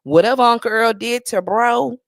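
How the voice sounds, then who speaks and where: A woman's voice: on the high side, moderate pace, vocal fry, no echo, studio quality. A woman hosting a live-stream gossip commentary in a sassy, mocking way, full of slang. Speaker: livestream commentator.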